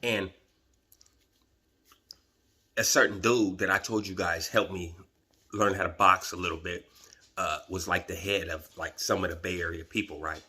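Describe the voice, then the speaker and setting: A man's voice: deep voice, fairly even intonation, normal speed, pushed and bright, breathy edge. A middle-aged man from Sacramento telling a prison story on his video blog in casual street slang, checking in with "right?" and "man" as he goes. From Sacramento, California. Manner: acts out the people in his stories. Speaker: vlogger telling prison stories.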